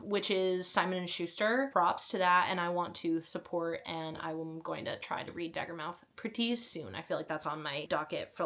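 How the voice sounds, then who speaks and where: A woman's voice: mid-range voice, a bit bright. Young woman, book vlogger, chatty, enthusiastic, self-mocking, casual talk. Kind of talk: casual chat with read-aloud blurbs.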